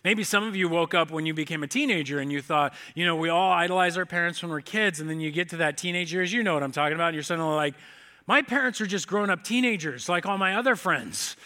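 Bright, high-voiced male preacher. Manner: conversational storytelling, addresses the congregation directly. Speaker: pastor. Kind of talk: sermon.

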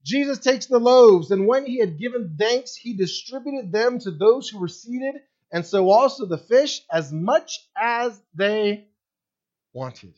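A man preaching a sermon as a church pastor, acting out worried and hopeful quotes with lively swings. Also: high voice, a little slow, lo-fi sound. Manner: animated preaching with acted-out quotes.

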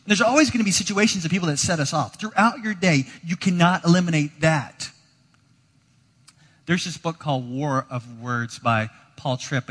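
A man preaching a sermon in a casual, conversational way, moving between quiet asides and emphatic points. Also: a little high. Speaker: pastor. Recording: long hall reverb.

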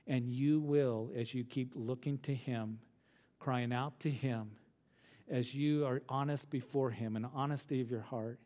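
A man's voice: medium pitch, fairly even intonation, unhurried, warm tone. A man, a pastor, giving an earnest verse-by-verse Bible teaching, reading scripture aloud and asking his listeners tag questions. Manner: earnest, asks the listeners tag questions, repeats words when restarting; reads scripture passages aloud.

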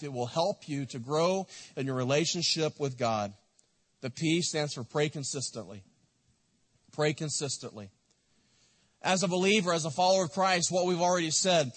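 A man's voice: on the high side, fairly bright tone. A man preaching a sermon as a pastor, exhorting and repeating his points, asking the congregation questions. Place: church sanctuary. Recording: echoey hall.

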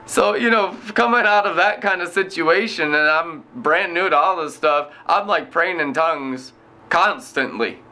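Missionary man in his thirties, bright forceful voice, lively storytelling testimony. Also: fairly high pitch, a little slow. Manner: animated, laughs often while telling his story. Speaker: inner-city missionary and broadcaster. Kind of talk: personal faith testimony.

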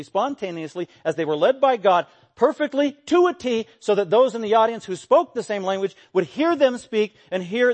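A man preaching an expository sermon, animated and emphatic, with bursts of raised voice, sometimes mimicking voices for quoted lines. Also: sits high. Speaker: pastor.

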